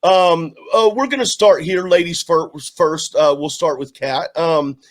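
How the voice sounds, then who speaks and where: Halting male interview host. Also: a little high. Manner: halting, stammering. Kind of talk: casual interview.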